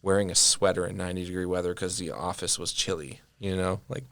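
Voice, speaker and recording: A young man talking as a podcast guest in a casual, animated way, often filling with "like". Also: low-pitched, fast, vocal fry, dry recording. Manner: animated storyteller, heavy use of "like". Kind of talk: casual conversation.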